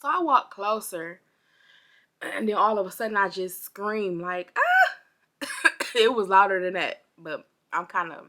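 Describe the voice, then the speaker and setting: A young woman telling a storytime vlog to her viewers, chatty and animated, a little parched and under the weather. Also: mid-range voice, unhurried. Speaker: vlogger.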